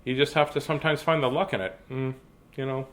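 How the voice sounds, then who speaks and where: A man's voice: medium pitch, fairly even intonation, quick pace, slight background noise. A middle-aged man hosting a live-streamed children's storytime, chatty and playful, easily sidetracked and greeting young viewers by name. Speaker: children's book reader and show host.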